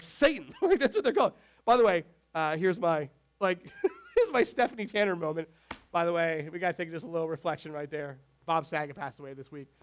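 A man preaching a casual, animated sermon, peppering his speech with "like". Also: high voice. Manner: animated, filler-heavy with frequent "like"; talks to the tech crew mid-sermon. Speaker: pastor.

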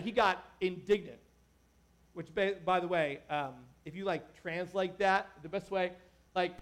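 High-voiced joking man preaching. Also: normal speed. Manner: animated, joking, talks to the crowd with asides. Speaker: pastor. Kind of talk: casual conversational sermon.

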